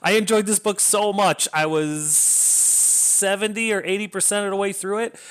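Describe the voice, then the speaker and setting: A man's voice: sits high, steady tone, normal speed, fairly bright tone, clean tone. A man casually reviewing a novel, enthusiastic and rambling, often restarting his sentences. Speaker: book reviewer.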